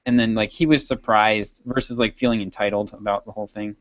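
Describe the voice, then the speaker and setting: A man's voice: lowish voice, fairly even intonation, brisk, no room sound. A man co-hosting a podcast, telling a rambling story in casual chat and laughing often. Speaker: podcast co-host. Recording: dull, dry lo-fi sound.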